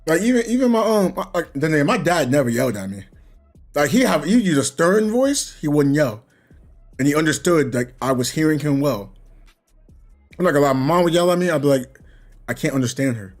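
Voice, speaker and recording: A man's voice: fairly high pitch, big pitch swings, fairly quick, soft background music. A young man, a gaming channel host, talking casually and reflectively while he plays, rambling and chuckling between points. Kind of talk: casual talk while playing a game.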